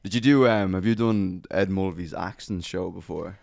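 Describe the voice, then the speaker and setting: A man's voice: deep voice, normal speed, creaky, a little mellow, dry recording, studio quality. A young man and stand-up comedian telling stories in a loose, sweary podcast chat.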